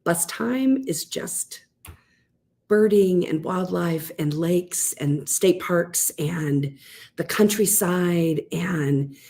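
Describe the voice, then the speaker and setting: A middle-aged woman, a guest on a podcast, telling a story in a chatty, animated way with lots of fillers. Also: fairly low pitch, very slow. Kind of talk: casual storytelling.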